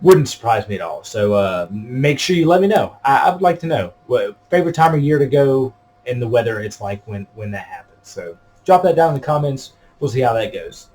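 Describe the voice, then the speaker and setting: Easygoing man, 30s, rambling vlogger, mid-pitched voice, many fillers. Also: lively intonation, brisk, a little mellow. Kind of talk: casual chat to camera.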